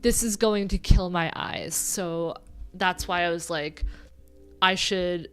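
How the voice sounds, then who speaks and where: A woman's voice: on the low side, fairly even intonation, takes it slowly, a bit bright, smooth, faint music behind. A woman with a nasal voice chatting casually on her livestream, rambling and joking at her own expense. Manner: chatty, rambling, self-deprecating. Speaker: livestream host.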